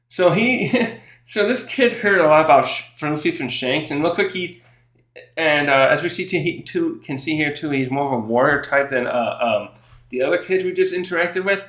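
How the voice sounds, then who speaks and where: A man's voice: on the high side, lively intonation, normal speed, a bit bright. A man reviewing a comic chapter in casual chat, rambling with many fillers, self-corrections and frequent chuckles. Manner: laughs often while recapping. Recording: roomy echo.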